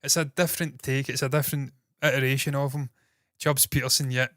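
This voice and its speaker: A man's voice: mid-range voice, little pitch movement, a little fast, a bit bright, dry recording, studio quality. A man hosting a casual solo entertainment news livestream, rambling and swearing freely as he chats to viewers. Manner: rambling, profane and self-deprecating.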